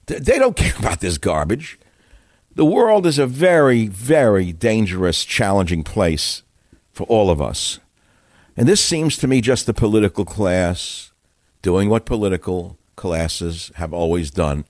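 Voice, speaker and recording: A man's voice: on the low side, a little mellow, no room sound, clean studio sound. An older man hosting a radio talk show, delivering a combative, sarcastic, rambling monologue full of insults. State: winded.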